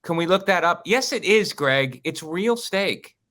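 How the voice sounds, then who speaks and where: Brief: male podcast co-host, slightly higher voice, wry punning sidekick. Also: lively intonation, measured pace, bright, forceful tone. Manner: wry, riffs with jokes and puns. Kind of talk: casual chat.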